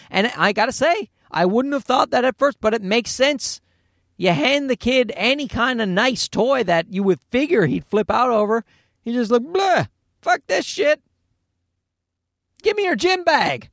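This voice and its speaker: A man's voice: high-pitched, a bit bright, no room sound, clean studio sound. A man hosting a casual solo podcast, rambling from thought to thought, swearing freely and poking fun at himself. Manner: rambling, profane, self-deprecating. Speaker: podcast host and comedian.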